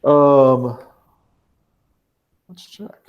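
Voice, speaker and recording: A man narrating a tabletop role-playing game as game master, talking haltingly with fillers and restarts. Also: mid-range voice, fairly even intonation, clear, resonant tone, phone-quality sound.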